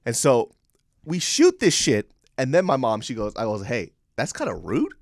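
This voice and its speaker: A man in his thirties, a podcast co-host, telling a story in casual chat, swearing often and loudly acting out the quotes. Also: medium pitch, moderate pace, dry recording, studio quality. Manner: animated, profane, acts out quotes loudly.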